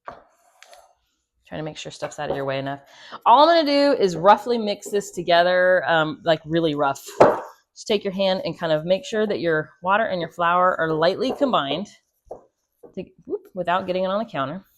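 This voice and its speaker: A woman's voice: lowish voice, lively intonation, moderate pace, slight background noise. A chatty woman gives a casual cooking demonstration in her home kitchen, joking and laughing at herself as she works. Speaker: homestead host. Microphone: clip-on mic.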